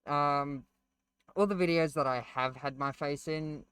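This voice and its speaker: Bright crisp-voiced young man reviewing games. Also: fairly high pitch, a little slow, dry recording. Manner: sarcastic, swears casually, self-deprecating jokes; rambling with ums and repeated words. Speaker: gaming channel host. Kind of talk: casual game review commentary.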